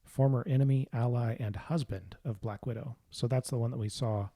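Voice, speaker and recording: Mellow, husky male podcast co-host. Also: mid-range voice, steady tone, a little fast, dry recording. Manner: laid-back, listing things with fillers. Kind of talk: casual podcast chat recapping a comic.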